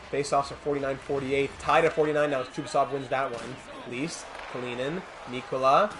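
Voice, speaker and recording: A man's voice: medium pitch, noisy background. A man streaming a hockey video game, calling the action like a sportscaster and chatting with viewers between plays. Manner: mock sportscaster calls, asides to chat. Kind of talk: play-by-play commentary while gaming.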